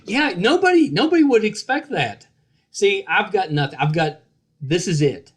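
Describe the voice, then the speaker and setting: A middle-aged man with a Virginian drawl hosts a podcast chat, his pitch riding up and down a lot over a somewhat high voice. He jokes easily and his voice often drops away softly at the ends of thoughts. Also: sing-song, normal speed, husky. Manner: chatty, joking, trailing off softly. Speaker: podcast host. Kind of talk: casual interview chat.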